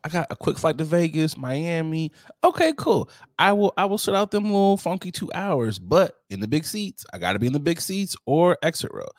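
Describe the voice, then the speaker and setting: Man, podcast co-host, lively sing-song pitch, slightly high voice, dry close mic, acts out quotes, laughs a lot. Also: normal speed, no echo. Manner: animated storyteller who acts out the other people's lines and laughs often. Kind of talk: casual podcast chat. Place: home to Detroit.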